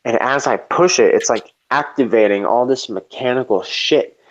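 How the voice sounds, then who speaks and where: A man's voice: mid-range voice, normal speed, highs cut off. A man telling a long story in casual chat, rambling and profane, full of "like" and restarts. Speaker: storyteller in a live debate chat.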